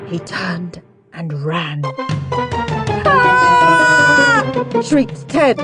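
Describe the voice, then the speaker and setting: A woman narrating a children's audiobook in an expressive way, acting out the characters. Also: medium pitch, unhurried. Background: background music.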